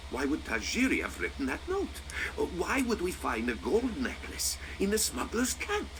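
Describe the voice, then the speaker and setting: A man's voice: sits high, wildly swooping pitch, normal speed. An actor voicing an earnest male cat-folk detective in a video game, formal and speaking of himself in the third person. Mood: determined. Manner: formal, refers to himself as "this one". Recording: game audio with clear background noise.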